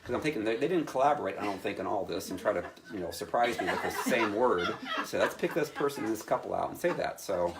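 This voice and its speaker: A man telling a personal story to a live audience, animated and laughing as he acts out his own quotes. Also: lowish voice, quick pace, hardly any pauses, background noise. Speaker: speaker telling his testimony.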